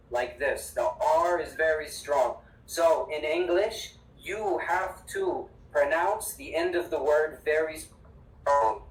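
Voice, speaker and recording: An English teacher giving an online class, upbeat and emphatic, repeating words slowly for the students. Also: medium pitch. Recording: echoey room, distant mic.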